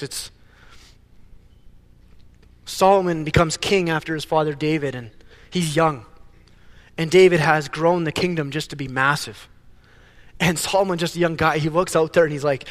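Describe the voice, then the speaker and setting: A male pastor delivers a sermon with real animation, frequently tripping over and repeating words as he works up to his point. His pitch is fairly high, and a long reverb tail trails after his words.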